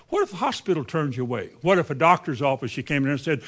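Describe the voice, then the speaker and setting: A preacher in his seventies delivers a plain-spoken sermon in a somewhat high voice. He talks to the congregation conversationally, throwing out rhetorical questions. His delivery swings between quiet low stretches and sudden high bursts. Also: big pitch swings, quick pace. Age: 70s.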